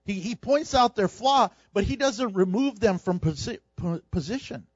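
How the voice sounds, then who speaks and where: A man preaching a sermon, animated and humorous, acting out the people in his story. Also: sits high, moderate pace, dry recording, muffled recording. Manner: animated preaching, acts out quoted voices with humor. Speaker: pastor.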